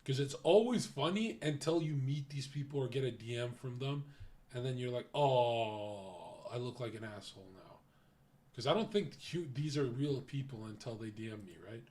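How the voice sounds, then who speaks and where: A man's voice: mid-range voice, animated, a little fast, darkish tone. A man with a lisp, a streamer talking in a blunt, profane and rambling way as casual reaction commentary.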